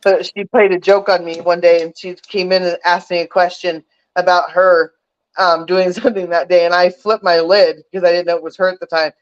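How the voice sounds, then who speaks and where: A woman's voice: on the low side, little pitch movement, a little fast, dry recording, dull audio. A woman guest telling her story in casual chat, rambling with many false starts.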